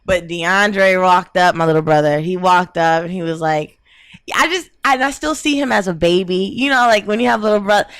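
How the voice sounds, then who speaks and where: A woman's voice: on the low side, normal speed, a bit bright, clean tone, dry recording. A young woman co-hosting a podcast, telling an emotional story in casual chat with laughter. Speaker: podcast co-host.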